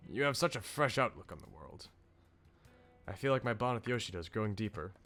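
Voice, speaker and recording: A man voicing a weary, reflective middle-aged male politician who speaks in a soft, measured and earnest way. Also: lowish voice, animated, vocal fry, faint music behind.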